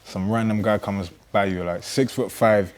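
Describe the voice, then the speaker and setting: A man's voice: fairly low pitch, steady tone, moderate pace. A man chatting casually, telling stories in laid-back slang. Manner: laid-back slangy storytelling, tags lines with "bruv". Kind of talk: casual chat.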